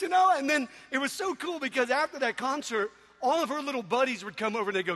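A man preaches with a very high, bright voice, telling stories animatedly with sudden loud bursts. His voice rings through a large hall with a long reverb tail. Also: quick pace, few pauses. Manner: animated storytelling, loud outbursts. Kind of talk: sermon. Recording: echoey hall.

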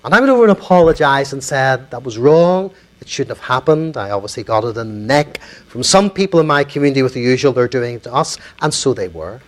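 A man with a Belfast accent, a minister giving a public lecture, telling stories in an earnest, measured way and pausing on key words. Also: mid-range voice, sing-song, rough recording.

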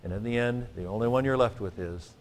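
Male lecturer, classroom talk, joking and emphatic, mid pitch, faint room noise. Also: fast talker. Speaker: Greek professor.

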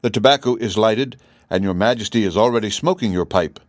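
A man's voice: fairly low pitch, brisk, no room sound, studio quality, lightly acted. A man reading an audiobook voices a timid, weary male gnome steward who answers meekly. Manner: meek, plain replies.

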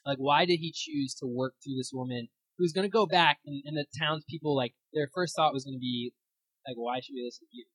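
A young adult leads a relaxed Bible study at a weekend retreat, with a slightly husky, breathy voice sitting at a middle pitch. The talk is loose and chatty, packed with fillers and little acted-out quotes. The sound is dry and close, with no room echo. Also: brisk. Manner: chatty, many fillers, acts out quotes and laughs at own stories. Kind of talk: casual teaching talk.

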